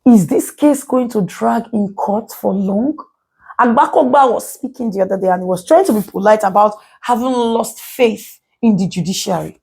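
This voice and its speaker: A Nigerian woman, a lawyer, giving a casual commentary vlog to her followers, animated and full of rhetorical questions, repeating phrases for emphasis. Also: medium pitch, normal speed, vocal fry, breathy edge.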